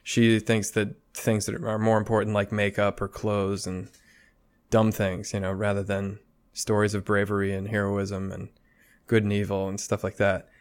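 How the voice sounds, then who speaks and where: A man's voice: on the low side, completely flat delivery, normal speed. A young man co-hosting a casual podcast chat, talking in a thoughtful, rambling way with many restarts. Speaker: podcast co-host.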